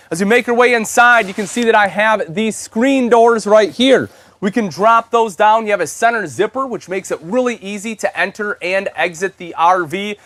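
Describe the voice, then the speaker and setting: A man's voice: sits high, a bit bright, no echo. A young man presenting an RV on a live show tour, giving an upbeat, salesy walkthrough inside the vehicle and calling viewers folks.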